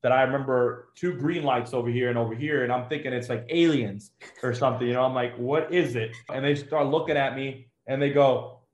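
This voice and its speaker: A man's voice: mid-range voice, steady tone, brisk, few pauses. A man who served as a Marine, telling his own story in an interview, conversational and matter-of-fact with fillers and restarts.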